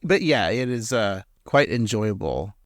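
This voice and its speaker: Male podcast host, lively and teasing, dry close sound. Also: lowish voice, measured pace, no room sound. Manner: teasing, animated. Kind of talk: casual episode recap.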